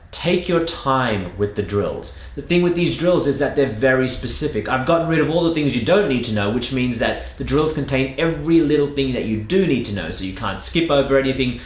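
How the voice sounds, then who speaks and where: Australian man coaching with lively emphasis. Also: medium pitch, echoey room. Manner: patient, emphatic, drawing out key words. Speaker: accent coach. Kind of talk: instructional lesson with spoken demonstrations.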